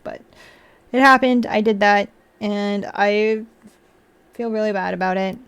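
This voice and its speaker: A woman's voice: medium pitch, steady tone, a little slow, a bit bright, clear, resonant tone. A woman chatting casually on a live stream at home while building a model kit, laughing often and acting out her own annoyed comebacks. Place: indoors at home.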